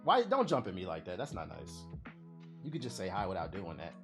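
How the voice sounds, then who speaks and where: Animated joking male livestream host. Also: sits low, fairly quick, music in the background. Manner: animated, joking, profane, reads chat aloud. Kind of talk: casual livestream chat.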